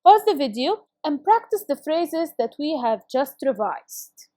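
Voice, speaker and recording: A woman teaching an English lesson to schoolchildren on video, reading example phrases slowly and carefully and often praising her students. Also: high voice, sing-song, mellow, dry recording, clean studio sound.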